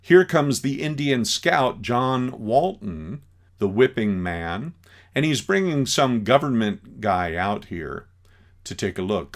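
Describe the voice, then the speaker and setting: Brief: male teacher lecturing, acts things out, unhurried delivery. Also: medium pitch. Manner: animated, acts out scenes. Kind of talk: classroom lecture.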